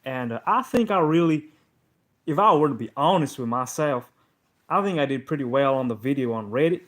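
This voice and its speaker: A man hamming up a Texas drawl, pitched higher than his own voice and pushed louder. The delivery is playful and drawn-out, full of asides. It is spoken from a couch in a lounge. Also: natural voice. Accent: attempted Texas. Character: young man putting on a loud Texas drawl.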